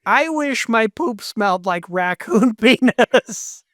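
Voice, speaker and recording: A podcast host in casual comedic chat, reading out supporter names with playful deadpan jokes. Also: mid-range voice, slow pace, dry recording, clean studio sound.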